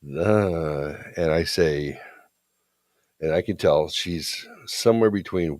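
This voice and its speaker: A man's voice: deep voice, unhurried, darkish tone, no echo. A man co-hosting a podcast, telling a story in a blunt, profane, confident way. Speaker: podcast co-host. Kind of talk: casual storytelling chat.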